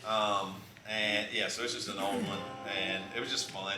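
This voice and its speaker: A man's voice: level tone, moderate pace. A man, telling rambling, self-mocking stories on a live stage between songs. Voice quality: baritone. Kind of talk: onstage storytelling between songs. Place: live music venue. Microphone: stage vocal mic. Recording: roomy live venue with loud music.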